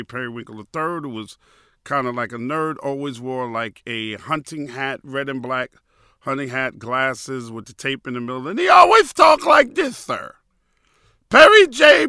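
A man in his fifties hosting a podcast, telling a story in a loose, animated way with slang. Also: medium pitch, dry recording, studio quality. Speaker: podcast host. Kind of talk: casual storytelling.

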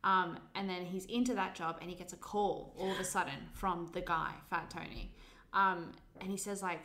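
Aussie woman podcast host, lowish voice, rambling chatty storytelling. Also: moderate pace, a bit bright. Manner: chatty, lots of "like" and "um" fillers. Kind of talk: casual chat, storytelling.

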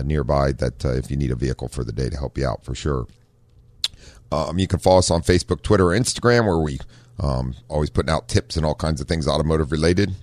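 A man's voice: a bass voice, a little mellow, dry recording. A man hosting a car-talk radio show, chatting folksily with lots of fillers. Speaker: radio show host, auto shop owner. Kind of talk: casual radio talk with a caller.

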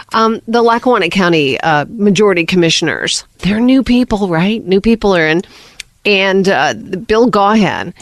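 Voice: mid-range voice, fairly bright tone, no room sound. A radio host reading the morning news and weather in a chatty way, with many asides and fillers. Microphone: studio microphone.

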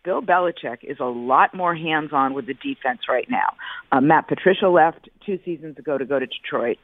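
A middle-aged woman, a football analyst calling in as a radio guest, speaking deliberately and repeating words for emphasis. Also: sits low, no room sound. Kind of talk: sports radio phone interview. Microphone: phone. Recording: tinny phone line.

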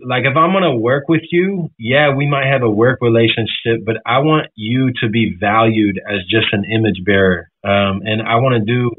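A man's voice: medium pitch, normal speed, hardly any pauses, a little hiss or hum. A man from Florida, a musician guest in a radio interview, talking earnestly and reflectively, at times emotional. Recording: tinny phone line.

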